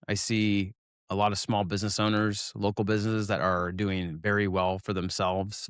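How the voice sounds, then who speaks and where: Clear and resonant, this fairly low, slightly bright voice comes through in clean studio sound with no echo. The speaker, a man in his forties from Oregon, tells school-year stories in a casual interview, joking about himself and laughing along the way.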